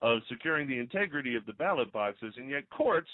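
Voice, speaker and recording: A man's voice: medium pitch, animated, a little fast, dry recording. Ranting male radio host, tinny line. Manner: ranting, sarcastic, restarts mid-sentence. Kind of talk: opinionated talk-radio commentary. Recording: dry, tinny phone-like sound.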